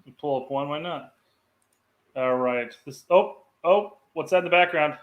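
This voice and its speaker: A man's voice: fairly high pitch, moderate pace, narrow, tinny audio. A man co-hosting a podcast on a video call, cracking teasing jokes in casual chat. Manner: teasing, wisecracking. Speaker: podcast co-host. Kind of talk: casual live-stream chat.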